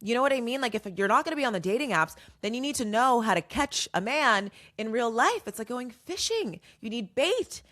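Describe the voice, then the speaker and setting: A young woman hosting a podcast, giving casual dating advice in an animated, emphatic way and repeating points for effect. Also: on the high side, a little fast, few pauses. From New York. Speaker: podcast host.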